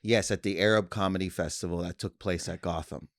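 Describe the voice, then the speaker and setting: A man's voice: low voice, steady tone, brisk, creaky, dry recording. A man co-hosting a comedy podcast, telling rambling stories in casual chat and laughing often. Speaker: podcast co-host.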